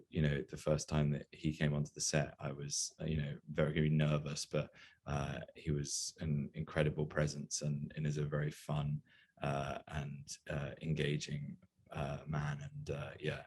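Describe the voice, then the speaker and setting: A man's voice: extremely low pitch, monotone, normal speed, darkish tone, breathy edge. A man with an English accent, an actor answering questions in a casual press interview and telling funny, self-mocking stories. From England. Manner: storytelling, self-mocking humor.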